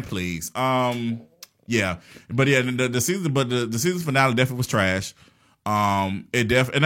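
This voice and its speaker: A man's voice: medium pitch, sharp tone. A man co-hosting a casual podcast, talking in a laid-back way with many fillers and restarts. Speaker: podcast co-host. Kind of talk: casual chat.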